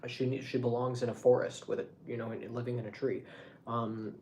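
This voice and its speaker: A young man vlogging in a casual monologue, rambling and animated and swearing freely. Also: mid-range voice, fairly quick, slight background noise.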